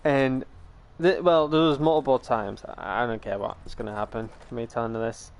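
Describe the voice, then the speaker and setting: A young British man hosting a casual game stream, telling stories to his viewers and calling them ladies and gentlemen. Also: mid-range voice, steady tone, normal speed, creaky. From Britain. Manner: chatty storyteller, addresses viewers as ladies and gentlemen. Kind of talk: casual gaming stream chat.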